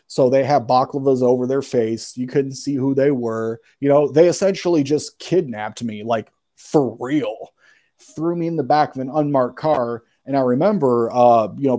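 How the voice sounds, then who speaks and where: A man's voice: medium pitch, warm tone. A man telling a story as a guest in a casual, slangy, profane way, calling people "bro.". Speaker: podcast guest.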